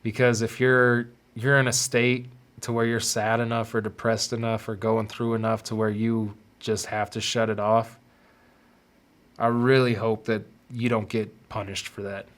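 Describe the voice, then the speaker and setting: A man's voice: on the low side, flat delivery, fairly bright tone. A man hosting a podcast, speaking in a confessional personal monologue. He halts often and repeats words as he searches for what to say. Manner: halting, repeats words while searching for them. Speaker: podcast host.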